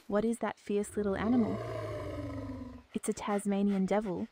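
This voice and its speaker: A woman narrates a scripted animal lesson for toddlers. Her voice sits at a middle pitch, cheerful and sing-song, and she repeats each word slowly so little ones can copy it. A faint hiss runs under the recording. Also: vocal fry, darkish tone. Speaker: children's video narrator.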